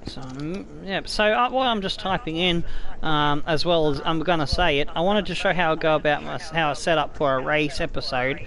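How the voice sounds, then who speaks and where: Excitable swearing Australian gamer. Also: male voice, a little high, a little fast, rough recording. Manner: excitable, swears a lot, yelps at scares. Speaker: streamer. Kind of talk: casual gameplay commentary.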